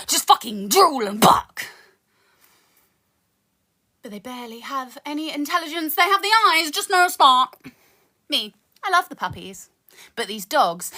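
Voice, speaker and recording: A woman's voice: high-pitched, sharp tone. A woman from the UK performing intense spoken word and rap live on her phone, swearing and switching between verses and chat. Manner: intense, swearing, shifts between rapping and chatting.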